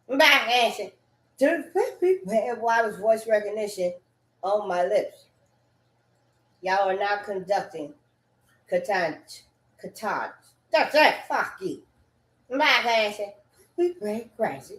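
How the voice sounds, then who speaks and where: A woman talking in a rambling solo monologue, breaking into sing-song chants and sudden loud cursing outbursts. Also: mid-range voice, animated, a little slow, echoey room.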